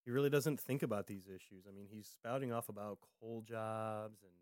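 A man co-hosts a casual political talk show in a clean studio with no room sound, his voice fairly low, smooth, steady and darkish. He chats loosely and trails off into fillers, then speeds up to press a point.

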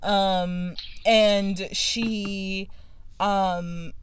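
A woman's voice: mid-range voice, fairly even intonation, very slow, smooth. A young woman co-hosting a podcast, chatting and gossiping casually with many fillers and restarts. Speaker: podcast co-host. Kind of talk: casual chat.

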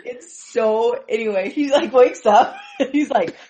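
A woman's voice: a little high, measured pace, noisy background. A woman in a casual group chat, telling a funny story and laughing through it. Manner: laughs through her story, breathless giggling.

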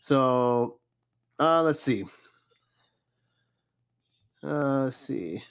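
A man's voice: medium pitch, very slow, clean tone. A young man hosting a casual solo podcast, giving blunt, profane advice on listener questions. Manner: blunt, animated, profane, repeats "I'm gonna tell you right now".

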